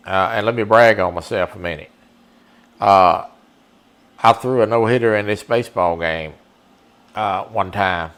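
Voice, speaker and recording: A man with a drawl talks over his baseball game in a chatty, folksy way, addressing his viewers directly. His voice sits on the low side, relaxed and conversational, picked up on a desk mic at his gaming setup. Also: unhurried, long pauses, clean tone. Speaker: streamer playing a baseball video game. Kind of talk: casual live-stream commentary.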